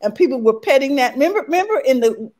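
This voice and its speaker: Woman, casual panel chat, high-pitched, conversational. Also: big pitch swings, fast talker, a little mellow. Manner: chatty, storytelling, affirming. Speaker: show host.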